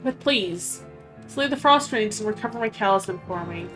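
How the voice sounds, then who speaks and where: A woman's voice: medium pitch, expressive, normal speed, a bit bright, soft background music, lightly acted. A woman reading a hot-tempered male knight's dialogue aloud, in a raised, emphatic voice. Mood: pleading. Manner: reads quest dialogue aloud with lifted emphatic delivery.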